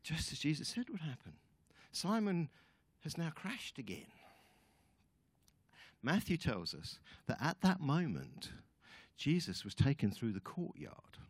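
A man as guest speaker giving a sermon, telling the story in an animated way with chatty asides to the audience. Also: on the high side, measured pace, pauses often, husky, no echo.

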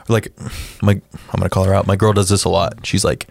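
A man's voice: low-pitched, huge pitch swings, fast talker, vocal fry, no room sound. A man hosting a casual podcast, laid-back and self-mocking, sometimes acting out quoted lines. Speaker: podcast host. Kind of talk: casual chat.

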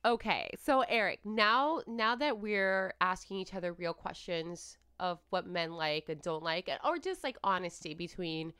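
A woman's voice: lowish voice, lively intonation, measured pace, hardly any pauses, bright, forceful tone, smooth. A woman, co-hosting a casual chat, blunt and opinionated with lots of "like". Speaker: podcast co-host.

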